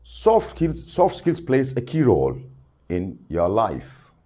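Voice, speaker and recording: A man teaches soft skills in a measured way, returning to key phrases for emphasis. His voice is mellow and somewhat low. His pitch rises and falls widely while he speaks slowly. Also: huge pitch swings. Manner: deliberate, repeats phrases for emphasis. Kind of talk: spoken lesson to camera.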